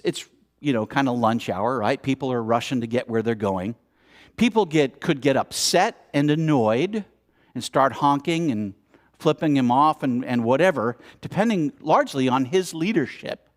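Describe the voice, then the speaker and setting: A man giving a storytelling sermon at a spiritual center, acting out the scenes with exclamations. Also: on the high side. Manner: animated, acts out scenes with exclamations. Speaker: speaker at a spiritual center service.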